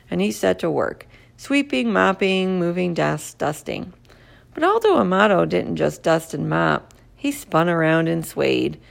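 A woman narrating a children's story in a lively, expressive storybook reading. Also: lowish voice, gravelly.

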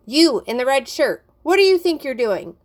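A woman's voice: high voice, big pitch swings, normal speed, pitched above the performer's own voice. A woman voicing a smug male middle-school teacher who mocks a student in a theatrical, teasing way. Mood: stern.

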